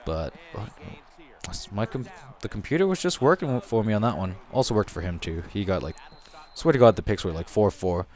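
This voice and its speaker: A man's voice: lowish voice, sing-song, a little fast, a little mellow. A young man giving casual, rambling commentary over a football video game, joking and swearing freely as he narrates. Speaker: gaming commentator.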